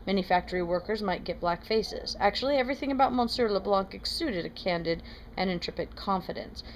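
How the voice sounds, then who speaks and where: A woman reading a classic novel aloud in a steady, plain manner, now and then correcting a word. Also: medium pitch, fairly quick, slight background noise, poor audio. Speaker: reader.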